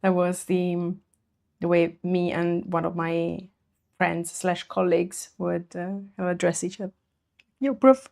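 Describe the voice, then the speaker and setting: A woman's voice: fairly low pitch, monotone, measured pace, gravelly, darkish tone. A woman streaming her painting, chatting casually with viewers, laughing often and greeting them as she works. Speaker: artist streaming while painting. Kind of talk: casual livestream chat with viewers.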